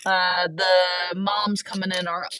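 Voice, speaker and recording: A woman's voice: lowish voice, flat delivery, slow pace, very noisy. A young woman chatting casually and rambling while working outside a barn, laughing often. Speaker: homesteader and livestream host. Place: outdoors by a barn.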